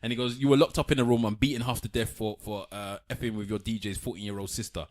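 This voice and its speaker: A man's voice: on the low side, fast. A man co-hosting a podcast, chatting casually and retelling stories with quotes. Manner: animated storytelling, reads out quotes. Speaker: podcast co-host. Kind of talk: casual chat.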